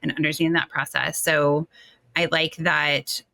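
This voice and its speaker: A podcast host asking questions in a casual interview and often checking in with a quick "right?". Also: mid-range voice, flat delivery, creaky, sharp tone, no room sound. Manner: conversational, frequent "right?" tags. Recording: dry close recording.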